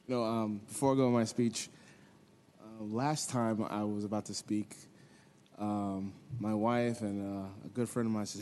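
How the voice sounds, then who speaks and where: A city commissioner giving an earnest acceptance speech at a swearing-in ceremony, halting now and then with fillers and restarts. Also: male voice, on the low side, steady tone, warm tone, long reverb tail. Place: city hall chamber.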